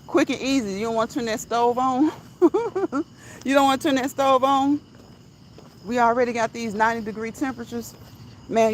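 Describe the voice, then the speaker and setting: A woman's voice: a little high, slight background noise, rough recording. A woman, chatting casually on a livestream, reading viewer comments, laughing often and repeating phrases for emphasis. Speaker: host. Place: outdoors while walking.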